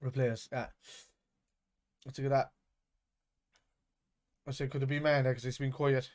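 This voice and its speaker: A man streaming a live watch-along of a football match, reacting with excitable, sweary outbursts. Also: mid-range voice, unhurried.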